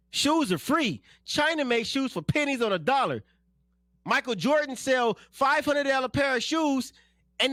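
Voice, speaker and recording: A man's voice: very high voice, a bit bright, dry recording, clean studio sound. A man from South Central Los Angeles giving a blunt, slangy, fired-up radio monologue as host and political candidate.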